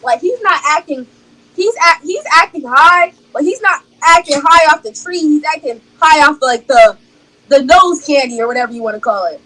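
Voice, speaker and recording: A woman's voice: high voice, animated, moderate pace, sharp tone, rough recording. A young woman telling a casual storytime, rambling and repeating herself as she acts out what people said. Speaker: storyteller in a clip.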